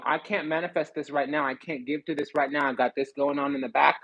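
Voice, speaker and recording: Man, young adult, tarot reader. Sassy, blunt delivery with a husky, higher-pitched voice. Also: fast talker, hardly any pauses, muffled recording. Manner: animated, sassy and blunt, swears freely. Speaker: spiritual card reader. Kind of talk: tarot reading.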